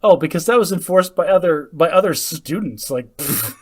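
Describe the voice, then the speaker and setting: Halting, joking podcast co-host man. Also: fairly high pitch, animated. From Arizona. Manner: halting, self-interrupting, joking. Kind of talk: casual chat.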